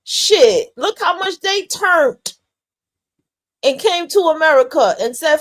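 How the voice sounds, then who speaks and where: A woman's voice: sits high, very animated, unhurried. A woman hosting a podcast, giving blunt, profane live reaction commentary in loose slang. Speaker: podcast host.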